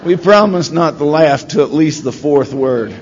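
A man's voice: fairly high pitch, animated. Wry, rambling man sharing his story. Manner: rambling, wry and self-deprecating, with many "uh" pauses. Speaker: speaker sharing at a recovery meeting. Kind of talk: storytelling share. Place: meeting room. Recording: slightly dull recording with faint room noise.

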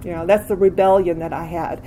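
An older woman sharing a candid personal recovery testimony, with frequent restarts and pauses. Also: lowish voice, steady tone, background noise. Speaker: speaker sharing a recovery story.

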